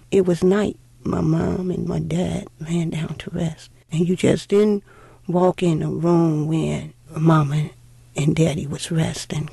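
A middle-aged woman telling a heartfelt personal story in an unhurried way, acting out old conversations. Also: on the low side, creaky, dark tone, breathy edge, no room sound. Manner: unhurried, heartfelt, acts out dialogue. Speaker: interviewee.

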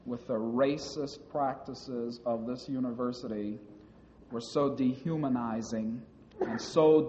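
A man giving a public talk about his time as a university student, telling stories in a measured way with some hesitant restarts. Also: medium pitch, dark tone, a little hiss or hum. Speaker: former university student recounting experiences. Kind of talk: public speech recounting personal experiences. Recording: dull lo-fi recording in a reverberant hall.

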